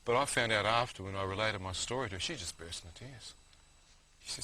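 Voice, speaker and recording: A man's voice: fairly low pitch, fast talker, bright, forceful tone, slight background noise, low-quality recording. New man telling his story. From New Zealand. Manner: vivid, keeps saying "you know what I mean". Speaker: guest. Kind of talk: testimony storytelling.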